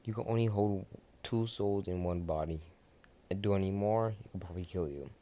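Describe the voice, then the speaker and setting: A man's voice: low-pitched, brisk, dark tone, lightly acted. A man voicing a meek, eager young male hero who stammers and pleads in a fan story. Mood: pleading.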